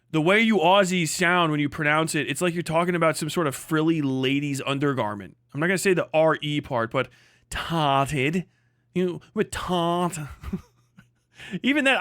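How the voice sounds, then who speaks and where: An American man rants on his livestream in a loose, profane ramble, breaking into laughter. His voice sits high for a man. The sound is dry and close, with no room in it. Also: fairly bright tone, no echo. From United States. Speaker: livestream host. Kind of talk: casual livestream rant.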